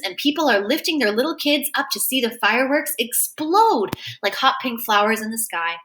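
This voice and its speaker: A woman reading a novel aloud, telling a first-person story in a lively, expressive way. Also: a little high. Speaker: reader.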